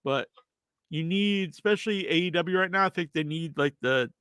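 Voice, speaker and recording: A male podcast host with a congested, stuffed-up nose, chatting loosely and filling gaps with ums and likes. His voice sits a little high, and the sound is dry and close, with no room around it. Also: normal speed, a bit bright, clear, resonant tone, no echo. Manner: rambling, filler-heavy answers to viewer questions. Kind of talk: casual live-stream chat.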